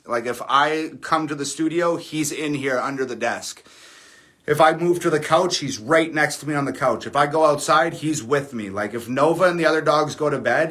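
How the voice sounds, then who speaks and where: Casual rambling man, slightly high voice. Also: fairly bright tone. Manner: rambling and candid, frequent fillers and profanity. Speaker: livestream host. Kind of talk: casual livestream chat.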